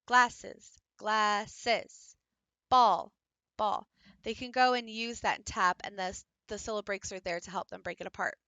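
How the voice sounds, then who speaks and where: Bright-voiced woman teaching a craft. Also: mid-range voice, level tone, normal speed, no room sound. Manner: patient step-by-step explaining, demonstrating while working. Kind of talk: instructional craft tutorial.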